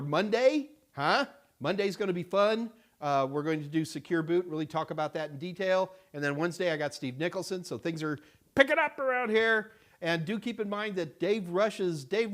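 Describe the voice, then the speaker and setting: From a studio, a middle-aged man runs a casual live-stream Q&A, answering viewer questions. His voice is slightly high for a man, and his talk rambles loosely, full of fillers and restarts.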